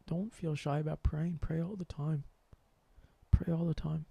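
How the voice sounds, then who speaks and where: Young male host, high gravelly voice, rambling and animated about spirituality, dry close mic. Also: a little slow, no echo.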